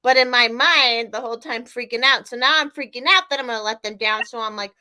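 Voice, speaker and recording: A woman's voice: a little high, fast, bright, forceful tone. A woman co-hosting a podcast in casual chat, a little tipsy, rambling with lots of "like" and frequent laughs. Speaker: podcast co-host.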